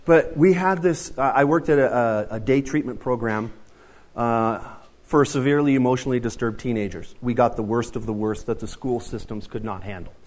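A man's voice: mid-range voice, moderate pace, darkish tone. A man in his fifties preaching a sermon in a conversational, storytelling way, with joking asides. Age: 50s.

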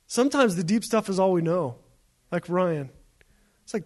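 High-voiced man preaching a conversational sermon. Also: expressive, normal speed, long pauses. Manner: conversational, storytelling with repeated phrases. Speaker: pastor.

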